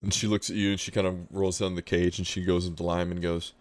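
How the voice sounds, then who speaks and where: A man narrating as game master, halting and often repeating words. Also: deep voice, flat delivery, dry recording, clean studio sound.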